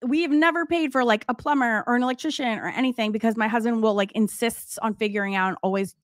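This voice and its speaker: A woman in her forties, an art teacher, chats on a livestream in a slightly high voice. She rambles through her stories with fillers and laughs. The sound is dry and close to the mic. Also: quick pace, no room sound. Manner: chatty, laughing storyteller with many fillers. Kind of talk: casual livestream chat.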